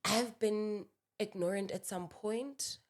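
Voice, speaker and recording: A woman hosts a podcast interview, speaking slowly in a medium-pitched voice. She is attentive and affirming, often murmuring in agreement.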